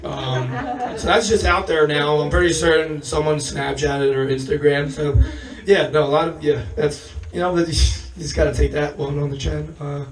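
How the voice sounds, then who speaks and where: A hoarse man losing his voice, telling a rambling, profane stand-up story on a comedy stage and chuckling as he goes. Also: on the high side, distant mic, rough recording.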